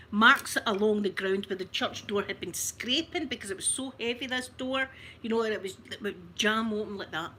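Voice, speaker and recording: A Scottish woman hosts a casual livestream, telling a family story in a chatty, animated way with plenty of restarts and laughter. Her voice is bright and sits a little high. A faint background hiss runs under her. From Scotland. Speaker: ASMR livestream host.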